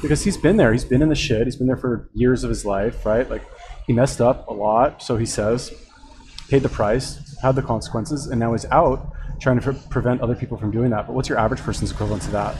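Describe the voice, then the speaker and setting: A man's voice: mid-range voice, brisk, background noise. A man commenting on a video clip, thinking aloud in a rambling, hesitant way. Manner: rambling, hesitant, lots of fillers and restarts. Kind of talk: reaction commentary.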